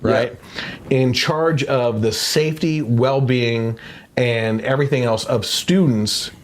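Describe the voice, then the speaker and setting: A man's voice: medium pitch, slow pace. A man hosting a casual podcast, reading news excerpts aloud and commenting with indignation. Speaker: podcast host.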